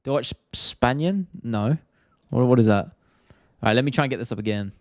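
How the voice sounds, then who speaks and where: Laid-back young British streamer. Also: male voice, mid-range voice, fairly quick, a little mellow, no echo, clean studio sound. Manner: laid-back, rambling, slangy. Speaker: live stream host. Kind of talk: casual live stream chat reading viewer questions.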